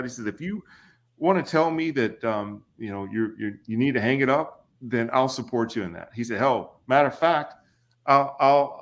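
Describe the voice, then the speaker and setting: A middle-aged man from Kentucky, telling a story on a podcast. He talks casually at a mid pitch. When he quotes people, his voice jumps up and gets livelier. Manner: animated, acts out quotes with raised voice. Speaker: podcast guest.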